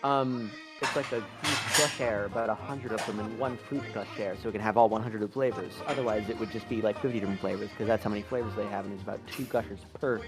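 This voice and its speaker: A young man in a casual livestream chat with friends, excitable and rambling, swearing freely and sometimes jumping into shrieks. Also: lowish voice, fast talker, hardly any pauses, loud music behind the voice.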